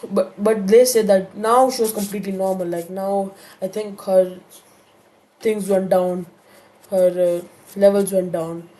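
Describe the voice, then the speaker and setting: A woman's voice: medium pitch, steady tone, measured pace, warm tone. A woman telling a story-time tale in a casual, rambling way, with many fillers and restarts.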